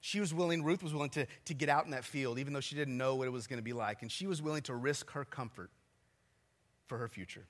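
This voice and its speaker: This is a forties-aged pastor giving a sermon full of chatty anecdotes, self-deprecating humor, and side remarks to the people in the pews. His voice sits in the middle range and his pace is quick.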